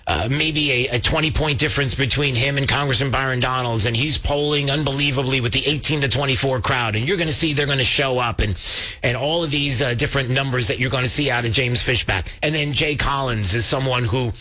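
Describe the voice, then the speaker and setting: A man's voice: mid-range voice, a little fast, bright, forceful tone. A man hosting a political talk show in a rambling, casual way with lots of filler words.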